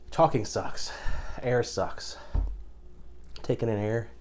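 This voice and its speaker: Middle-aged man, lowish voice, strained from chili heat, groans and sighs, casual vlog, faint hiss behind. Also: normal speed, pauses often, darkish tone. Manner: groaning, sighing and gasping through the burn. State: strained from pepper heat, slurring slightly. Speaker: vlogger eating hot peppers.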